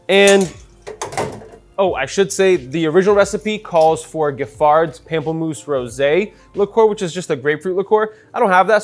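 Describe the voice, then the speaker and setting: A young man, a bartender telling a story in a casual, animated way while making a cocktail. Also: high-pitched. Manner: chatty, animated storyteller with many fillers.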